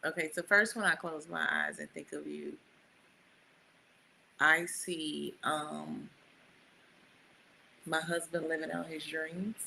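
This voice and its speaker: A woman's voice: low-pitched, lively intonation, creaky, pushed and bright, a little hiss or hum, poor audio. A woman who co-hosts a podcast, chatting casually and affectionately with her husband, often answering him with short replies. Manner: brief backchannels, slow and laughing. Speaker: podcast co-host.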